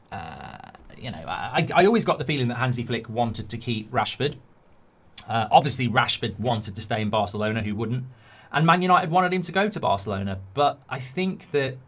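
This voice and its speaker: A man, a football fan commentator ranting with sarcastic rhetorical questions. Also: mid-range voice.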